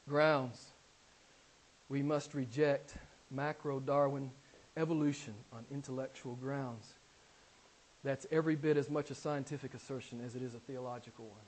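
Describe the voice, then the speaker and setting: A man delivers a sermon in a fairly high voice. He leans hard on his main points and says them again and again, then drops to low, quiet asides. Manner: emphatic, repeats key phrases; moves between loud emphasis and low quiet asides. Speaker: pastor. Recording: live church sermon.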